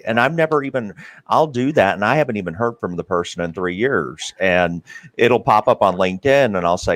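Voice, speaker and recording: Hosting a careers interview for his podcast, a man talks earnestly in an expressive, somewhat low voice with a fairly bright tone, full of fillers and restarts, at normal speed. The sound is dry, with no room echo.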